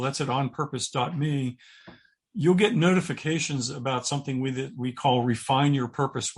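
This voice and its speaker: A man's voice: medium pitch, slightly rough. A middle-aged man, a guest coach in an interview, talking earnestly and often restarting his words as he thinks. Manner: earnest, halting, repeats words while thinking. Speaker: guest, purpose coach and speaker. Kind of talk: interview conversation.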